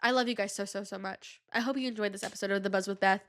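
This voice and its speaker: A woman's voice: medium pitch, fairly even intonation, very fast, a bit bright. A young woman hosting a podcast in casual chat, gushing and effusive, repeating herself often. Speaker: podcast host.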